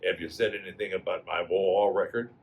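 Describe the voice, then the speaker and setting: A man's voice: steady tone, a little fast, natural voice. An old man doing a mild candidate impression. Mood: courteous. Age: 80s. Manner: mild, low-key impression. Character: John F. Kennedy impression, genial male candidate.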